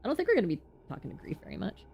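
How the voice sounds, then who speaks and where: Excitable woman game streamer. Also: mid-range voice, rapid-fire, gravelly, breathy edge, lo-fi sound. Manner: chatty, excitable, self-interrupting. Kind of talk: live game stream commentary.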